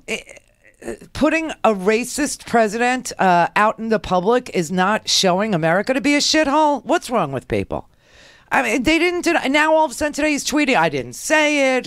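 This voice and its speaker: A middle-aged woman hosts a talk radio show, talking in a sarcastic, restless ramble. Her pitch leaps up and down as she riffs. The recording is dry and close, with no room sound. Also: no room sound. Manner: animated, sarcastic, rambling with many restarts. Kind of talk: talk radio political commentary.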